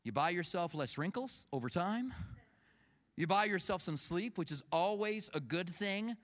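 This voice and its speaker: Animated pastor preaching in a reverberant hall. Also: male voice, high-pitched, normal speed. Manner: storytelling, acts out quoted voices, animated. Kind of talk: conversational sermon with personal stories. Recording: long reverb of a large hall.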